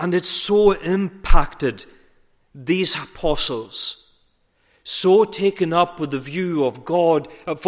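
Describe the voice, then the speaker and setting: A man preaching a sermon in an earnest, measured way, leaning hard on repeated words. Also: fairly high pitch. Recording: hall reverb.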